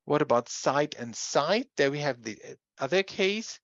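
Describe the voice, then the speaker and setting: A university lecturer giving a measured academic lecture, explaining examples step by step. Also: medium pitch, expressive, no room sound. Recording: dull lo-fi lecture recording.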